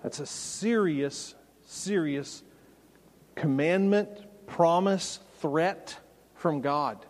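A man's voice: fairly high pitch, slow, long pauses. A man preaching a sermon as a pastor, conversational and emphatic, with folksy anecdotes, in a church sanctuary. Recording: long reverb of a large hall.

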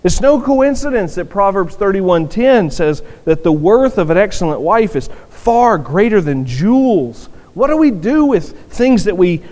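High-pitched yet dark in tone, this man preaches earnestly as a pastor, frequently repeating words to drive points home. The church sanctuary gives the recording the lengthy reverb of a big hall.

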